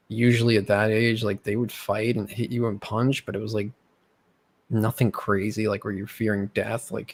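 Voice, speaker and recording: Here the host is a young man with a lowish, husky voice, chatting casually and telling stories among friends. When he quotes someone, he acts them out animatedly with a raised voice.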